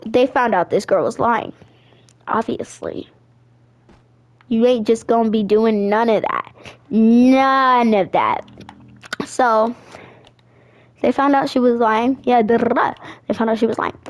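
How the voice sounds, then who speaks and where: A teenage girl telling a sassy, animated story while chatting over her gameplay. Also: on the high side, measured pace, pauses often. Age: teens. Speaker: gaming vlogger.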